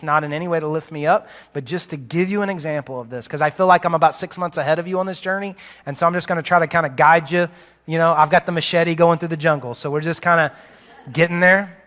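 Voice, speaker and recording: A man's voice: a little high, a bit bright. A man preaching a sermon as pastor, earnest and confessional, often restarting his sentences. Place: church sanctuary. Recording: long hall reverb.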